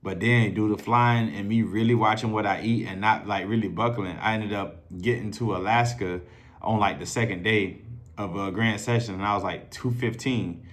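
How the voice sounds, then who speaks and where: A man's voice: lowish voice, fairly even intonation, normal speed, fairly bright tone. Loose, profane man telling a story. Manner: loose, profane and conversational, acting out others' voices. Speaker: self-improvement coach. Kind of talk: casual storytelling monologue.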